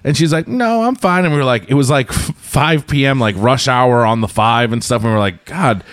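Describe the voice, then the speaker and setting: A man's voice: medium pitch, steady tone, a little fast, no echo. A man hosting a podcast, telling stories in a rambling, self-correcting way. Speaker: podcast host. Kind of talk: casual chat.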